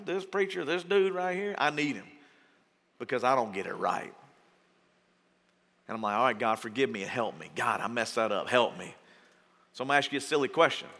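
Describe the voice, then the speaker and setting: A male pastor preaching with a bright, forceful voice that sits a little high. He is animated and folksy, jumping up in pitch to act out the voices he quotes. Long reverb trails off his words in a big church hall. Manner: folksy, joking. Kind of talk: sermon.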